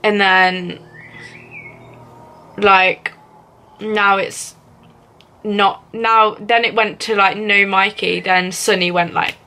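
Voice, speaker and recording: A woman's voice: mid-range voice, fairly even intonation, slow, pauses often, bright, forceful tone. A young woman from England vlogging casually to camera, rambling with many fillers and frequent giggles. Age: young adult.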